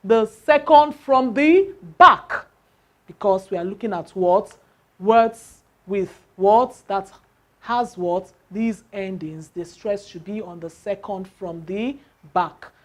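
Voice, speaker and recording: Slow-speaking woman teaching a lesson. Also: medium pitch, a bit bright. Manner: slow, spells out letters, asks rhetorical questions. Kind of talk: classroom lesson on word stress.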